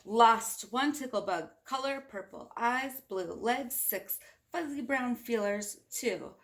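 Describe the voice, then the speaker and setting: An earnest, worried zookeeper from a picture book calls out about something he has lost, voiced by a woman. The voice sits high with a gravelly texture. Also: slow, a bit bright. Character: Zeke, worried male zookeeper.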